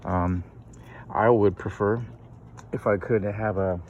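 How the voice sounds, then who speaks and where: A man's voice: on the low side, fairly even intonation, unhurried, darkish tone. A middle-aged man hosting his own channel, giving a political opinion monologue with many fillers and restarts. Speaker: channel host. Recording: dull lo-fi recording with faint noise.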